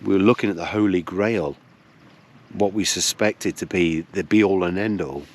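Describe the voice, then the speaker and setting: A man, telling a casual anecdote as a camping companion, wry and dramatic, with long pauses. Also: sits low.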